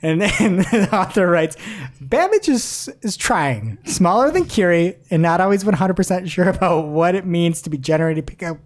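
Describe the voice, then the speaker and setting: A woman's voice: on the low side, lively intonation, moderate pace, a little mellow. A woman host in casual chat, reading articles aloud with a wry, giggly manner. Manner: giggly, wry, laughs mid-sentence. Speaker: podcast host.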